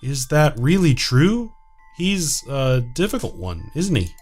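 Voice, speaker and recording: A man voicing a gentle, polite young woman guest in a visual novel who speaks formally and softly. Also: mid-range voice, very animated, slow pace, soft background music, pitched above the performer's own voice. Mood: polite, shy. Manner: formal, soft, affectionate.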